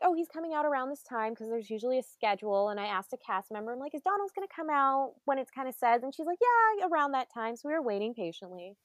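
A woman telling an excited story in casual chat, full of "like" and quoted asides. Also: fairly high pitch, dry recording.

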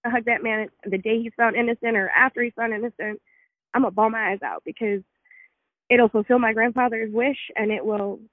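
A woman's voice: on the high side, steady tone, a little fast, no room sound. A woman earnestly recounting a story her grandfather told her, speaking insistently in a phone interview. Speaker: caller with information. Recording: tinny phone line.

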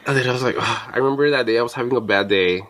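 A young man from New Mexico, co-hosting a podcast and telling a personal story in a relaxed, chatty way, slipping into Spanish now and then. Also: medium pitch, racing. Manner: relaxed, slips into Spanish, laughs often. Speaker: podcast co-host. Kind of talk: casual chat, personal storytelling.

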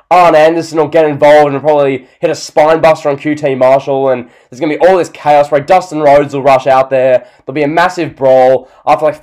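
A man's voice: a little high, a little mellow. A man hosting a wrestling podcast, chatting casually with sarcastic, mock-serious remarks. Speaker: podcast host. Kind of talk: casual chat.

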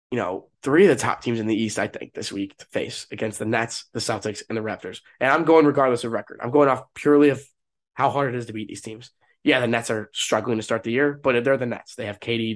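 Stuffy-voiced man hosting a sports podcast. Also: mid-range voice. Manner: casual, restarts often, rises to hype. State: stuffy, sick with a cough. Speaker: podcast host. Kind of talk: solo sports podcast talk.

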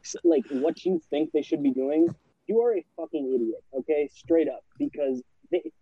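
A man's voice: fairly high pitch, lively intonation, normal speed, slightly rough, dry recording, highs cut off. A man co-hosting a podcast, ranting bluntly and with plenty of swearing. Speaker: podcast co-host. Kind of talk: casual podcast banter.

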